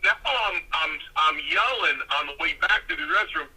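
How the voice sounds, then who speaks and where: An older man with a husky, bright-edged voice tells an old ring story on a podcast. His pitch swings widely as he jumps into other people's voices. It sounds like it comes through a phone line. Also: fairly quick. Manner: animated, acts out other people's lines in their voices. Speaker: guest storyteller, former pro wrestler.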